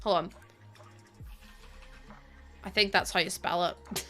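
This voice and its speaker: A young woman, streaming a game and chatting casually with her viewers, teasing and quick to laugh. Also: mid-range voice, pushed and bright, soft background music. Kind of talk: casual live-stream chat while gaming.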